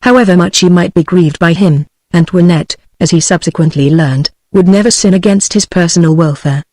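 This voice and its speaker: A text-to-speech woman's voice with a British English accent, reading a novel as an audiobook narrator in an even, steady delivery. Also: fairly low pitch, fairly quick, no room sound.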